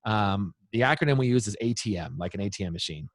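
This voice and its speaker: A man in his thirties or forties, an interview guest giving parenting advice in an earnest, animated way. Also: fairly low pitch, fast talker, no echo, clean studio sound. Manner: earnest, animated, acts out quoted voices. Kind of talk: interview storytelling.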